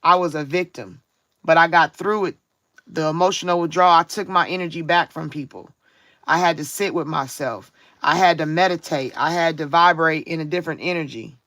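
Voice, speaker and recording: A woman on a live stream giving a spiritual card reading, her voice bright and forward. She talks reflectively, stretching out the words she wants to stress and often checking in with her listeners. The sound is close and dry, with no room around it. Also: low voice, dry recording. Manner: reflective, drawn-out emphasis, frequent "you know what I'm saying". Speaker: tarot card reader.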